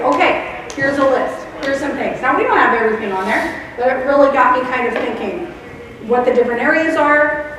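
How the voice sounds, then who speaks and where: A woman's voice: sits high, a bit bright. A woman teacher librarian giving a chatty conference presentation with laughing asides. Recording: echoey hall from far off.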